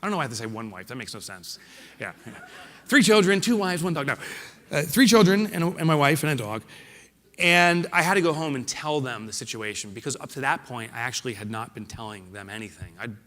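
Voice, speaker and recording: Keynote speaker, man, middle-aged, bright voice, big reverberant hall, swings from loud to hushed. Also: mid-range voice, animated, a little fast. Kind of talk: motivational stage speech. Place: large hall before a live audience.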